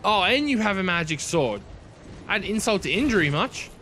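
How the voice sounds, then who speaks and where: A young man commentating his own gameplay, excitable, swearing and yelping at what happens on screen. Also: high voice, normal speed, a little hiss or hum. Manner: excitable, swears and yelps at the game. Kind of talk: let's play commentary.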